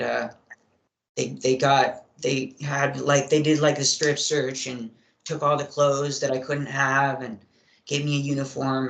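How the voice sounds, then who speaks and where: A man's voice: a little high, fairly bright tone. Man telling his story in an echoey room. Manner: rambling, many fillers and throat clearing. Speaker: interview guest. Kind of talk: casual storytelling in an interview.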